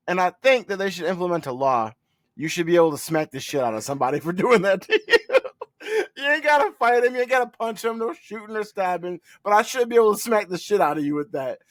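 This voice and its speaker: A man's voice: high voice, quick pace, dry recording. A man co-hosting a podcast, swearing freely while telling stories in casual chat. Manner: profane, animated storytelling. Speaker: podcast co-host.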